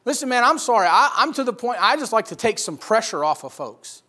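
A man preaching a sermon, swinging from loud emphatic bursts to quiet storytelling. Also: extremely high pitch, sing-song, brisk. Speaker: pastor.

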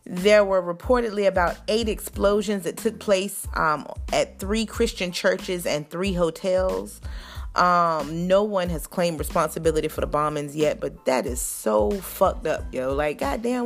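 A woman's voice: on the low side, unhurried, vocal fry, soft background music. A woman hosting a podcast, running through news in casual chat with fired-up, profane commentary. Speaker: podcast host.

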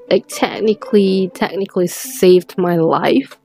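A teenage girl telling a personal story in a rambling, halting way with many restarts, close to tears at times. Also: mid-range voice, fairly even intonation, a little mellow, soft background music. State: tearful at times.

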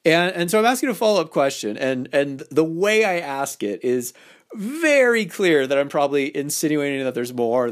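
Animated man with a lively voice. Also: medium pitch. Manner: playful, acts out quoted lines, many restarts. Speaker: podcast host. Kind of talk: casual advice podcast monologue.

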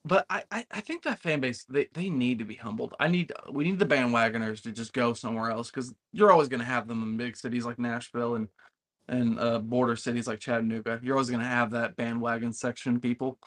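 A man co-hosting a casual sports chat, excitable and trash-talking about rival fans. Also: medium pitch, quick pace. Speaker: podcast co-host.

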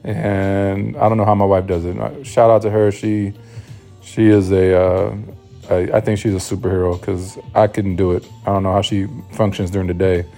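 A man's voice: low voice, little pitch movement, normal speed, warm tone, faint music behind. A man hosting his own podcast in a loose, rambling, profane monologue, full of restarts and sounding sleep-deprived. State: sleep-deprived new father. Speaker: podcast host. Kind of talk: casual solo monologue.

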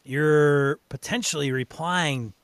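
A man co-hosting a podcast, talking casually about gaming in a thoughtful, halting way, often correcting himself. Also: on the high side, no room sound. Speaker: podcast co-host.

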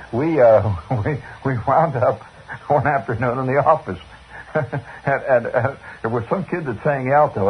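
Man spinning a rambling radio yarn. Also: on the low side. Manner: chatty, digressive, chuckling asides. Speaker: radio host. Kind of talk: rambling storytelling monologue. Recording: dull old radio broadcast with faint hiss.

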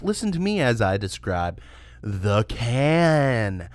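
In a sing-song, mid-range voice and at a slow pace, with no echo, a young co-host reviews beer on a podcast. He keeps the casual comedic chat going with sarcastic, meandering jokes and laughs often.

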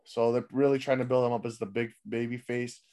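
A man's voice: medium pitch, little pitch movement, a little fast, dark tone. Casual profane man recapping wrestling. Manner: loose, profane, rambling. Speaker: wrestling podcast host.

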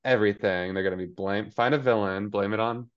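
A male podcast co-host casually recaps a TV episode, rambling and paraphrasing the characters with lots of "like." His lowish voice is brisk and smooth, and the sound is lo-fi.

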